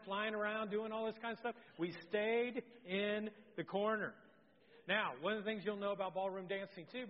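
A middle-aged male pastor preaching a sermon, telling a story in a lively, self-deprecating way. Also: high-pitched. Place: church sanctuary. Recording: dull sound with long hall reverb.

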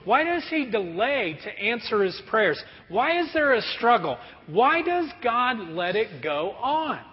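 A pastor preaching a sermon to a congregation, lively and often acting out everyday scenes in quick put-on voices. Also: male voice, very high-pitched. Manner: animated, acts out kids and parents in quick voices. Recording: muffled sound with long hall reverb.

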